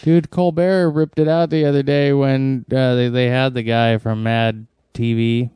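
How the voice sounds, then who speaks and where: A man's voice: mid-range voice, flat delivery, measured pace, warm tone, clear, resonant tone, no room sound. A young man chatting casually about TV on a podcast, laid-back, laughing often, swearing. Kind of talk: casual chat.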